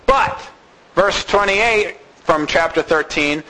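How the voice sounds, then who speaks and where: A man preaching a sermon, reading scripture and explaining it in an animated way. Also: high voice, measured pace, a little hiss or hum, poor audio. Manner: animated, acts out characters.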